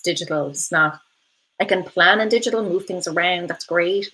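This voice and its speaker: Woman, 30s, live-stream host, casual chat, somewhat low voice, lots of ums, laughs often. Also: moderate pace, bright, forceful tone, husky, rough recording. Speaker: host of a live stream, reading viewer comments.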